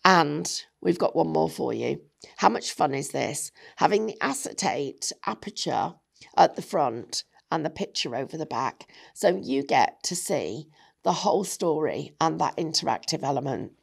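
A woman's voice: low voice, lively intonation, measured pace, vocal fry, slightly rough. A woman giving a chatty, jokey craft demonstration, often correcting herself as she goes. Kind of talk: casual product demonstration.

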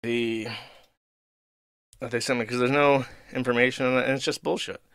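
An irritated man rants to his audience, swearing freely and getting sarcastic as he tells a story. His voice is smooth and clear, at an ordinary pitch for a man. The sound is dry and close, with no room around it. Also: steady tone, moderate pace, fairly bright tone, no room sound. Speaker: streamer host. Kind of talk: casual ranting monologue.

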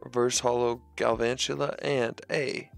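A young Canadian man hosting a relaxed pack-opening chat with friends, joking and swearing easily. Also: medium pitch, measured pace, gravelly, no room sound, soft background music. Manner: laid-back, swearing, joking banter. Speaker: channel host opening card packs. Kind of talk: casual chat.

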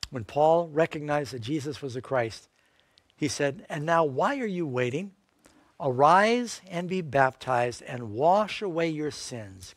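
A man's voice: a little high, no room sound. An older man preaching a sermon as an evangelist, emphatic and full of rhetorical questions.

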